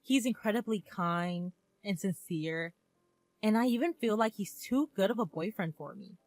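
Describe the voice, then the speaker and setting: A woman in her twenties narrating a first-person story in a calm, reflective manner. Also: medium pitch, normal speed, no room sound. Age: 20s.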